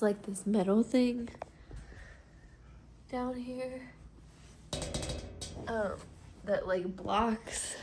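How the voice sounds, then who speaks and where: A woman talks through a rambling, casual vlog in a hotel room. She swears freely and leans on plenty of fillers. Her voice has a gravelly edge, with faint background noise. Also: medium pitch, mellow. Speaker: vlogger.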